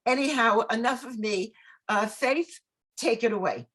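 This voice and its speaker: Woman host, halting intro with fillers and self-corrections, video call. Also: a little high, a bit bright. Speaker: event host. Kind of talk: program introduction.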